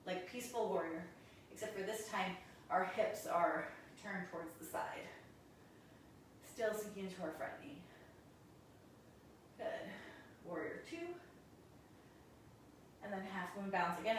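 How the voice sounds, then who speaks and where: A woman teaching a guided yoga class, giving calm, encouraging cues while doing the poses and a little out of breath. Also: medium pitch, very echoey, far from the mic, slight background noise, poor audio. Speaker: yoga instructor.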